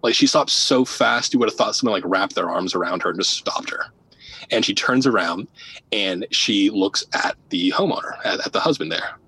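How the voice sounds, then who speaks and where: A man guest on a podcast telling a story in casual, animated talk, often laughing, repeating words and dropping to a hush at tense moments. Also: fairly low pitch, moderate pace, slightly rough, low-quality recording. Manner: drops to a hushed voice for tense moments. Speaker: podcast guest, paranormal investigator.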